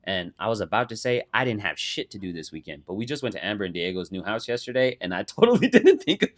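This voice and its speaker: A young man co-hosting a podcast, telling stories in a casual, animated way with swearing and mock voices. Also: on the low side, fast. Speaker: podcast co-host. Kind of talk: casual chat.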